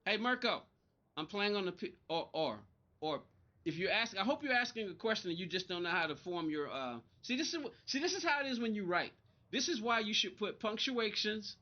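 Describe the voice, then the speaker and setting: A man's voice: sits high, expressive, a little fast, bright, forceful tone, dull audio. A man live-streaming a racing game, chatting loosely with his viewers, irritated and rambling, often repeating himself. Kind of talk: casual live-stream chat reading viewer comments.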